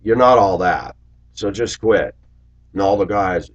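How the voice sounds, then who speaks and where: A man in his forties telling stories in a rambling monologue to his viewers, raising his voice loudly when he acts out what people said. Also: sits low, a little slow, lo-fi sound. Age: 40s. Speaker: video blogger. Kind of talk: casual monologue to camera.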